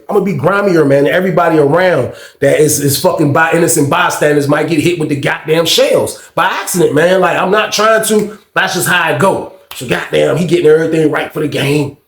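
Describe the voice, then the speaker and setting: Animated storyteller man, high voice. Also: reverberant. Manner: animated, acts out shouted quotes in a raised voice; heavy profanity and slang. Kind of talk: casual storytime about prison.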